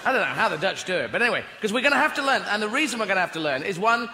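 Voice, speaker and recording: On a large theater stage, an English man performs a rambling, playful stand-up set, voicing imaginary characters as he goes. His voice is high and sharp, racing along with big swings in pitch. The hall is echoey, and a faint crowd can be heard laughing.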